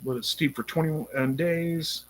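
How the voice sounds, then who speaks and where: A man's voice: on the high side, a little slow. Chatty man reading chat. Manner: chatty, thinks aloud with many ums. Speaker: livestream host reading chat. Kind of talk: casual live-stream chat.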